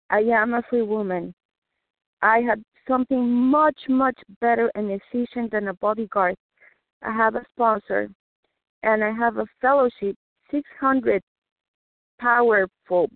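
A woman's voice: medium pitch, no room sound. Woman, fervent, joyful, emphatic, tinny phone line. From Boston, USA. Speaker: meeting member sharing. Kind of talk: recovery meeting share.

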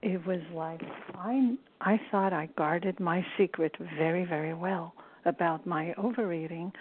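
A woman from Brooklyn, New York, sharing earnestly in a recovery meeting, halting and searching for words over a phone line. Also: on the low side, husky.

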